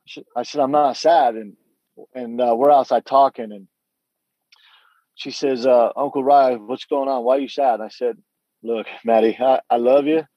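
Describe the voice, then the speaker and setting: A man's voice: medium pitch, steady tone, normal speed, no echo, muffled recording. A middle-aged man giving a candid personal testimony, telling his story earnestly with frequent restarts and quoted dialogue.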